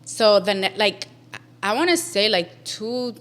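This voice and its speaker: Young woman, bright tone, animated storyteller, curses freely, drops into Spanish. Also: medium pitch, slow. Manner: animated, swears often, switches into Spanish. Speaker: podcast guest. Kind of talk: casual storytelling.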